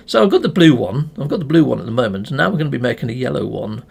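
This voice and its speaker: A man's voice: medium pitch, animated, very fast, vocal fry, hardly any pauses, husky. A man giving playful, chatty commentary as he plays a video game, with mild swearing, talking to his viewers. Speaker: let's play gamer.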